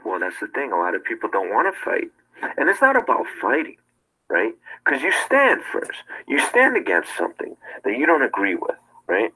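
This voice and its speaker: A man's voice: mid-range voice, wildly swooping pitch, normal speed, pushed and bright, poor audio. A man in a played video clip, giving a preachy monologue about standing up and fighting back. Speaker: video personality being watched.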